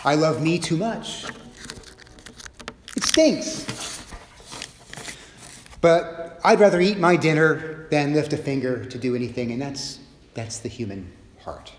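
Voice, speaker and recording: A middle-aged man preaching a sermon as pastor, expressive and humorous, shifting his pace and loudness as he acts out quotes. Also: fairly high pitch, slow pace, long pauses, reverberant, long reverb tail, slight background noise.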